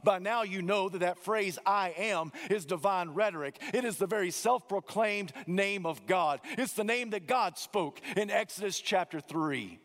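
A man preaching a sermon, emphatic and dramatic, swinging his pitch and slowing down on key words. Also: a bit bright. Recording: long hall reverb.

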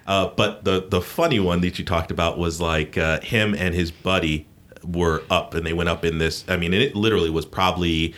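Low-voiced male podcast co-host, casual, rambling storyteller. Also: normal speed. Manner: rambling, animated anecdote telling.

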